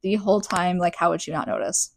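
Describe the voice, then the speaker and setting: A woman's voice: lowish voice, fast, gravelly. A woman voicing a smug, dismissive teenage vampire boy in an offhand, mocking paraphrase.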